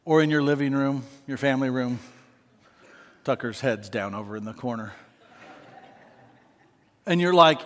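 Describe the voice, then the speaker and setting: A man preaching a sermon as pastor to a church congregation, animated and acting out scenes. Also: mid-range voice. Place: church sanctuary. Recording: long reverb of a church hall.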